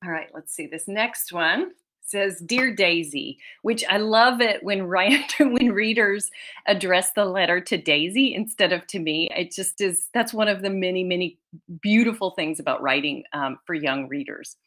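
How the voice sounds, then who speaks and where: A woman's voice: medium pitch, normal speed, a bit bright. Tearful woman author, laughing often. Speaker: children's author. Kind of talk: conference presentation reading letters.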